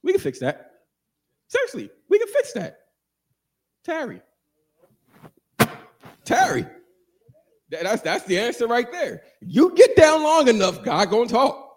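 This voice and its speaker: A man preaching a sermon, animated and joking, asking the congregation questions and answering them. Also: very high-pitched, moderate pace. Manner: animated, call-and-response, jokes with congregation.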